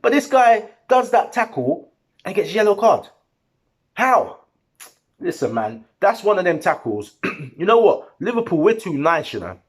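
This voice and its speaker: A man's voice: high-pitched, measured pace, breathy edge. A man giving a heated, slangy post-match football reaction, talking to the camera. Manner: animated, heated, slangy and repetitive. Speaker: football fan vlogger.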